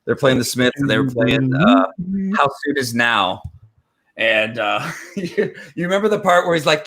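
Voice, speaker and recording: A man chatting casually on a comics stream, an animated storyteller who swears freely and laughs often. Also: mid-range voice, normal speed. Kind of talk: casual chat.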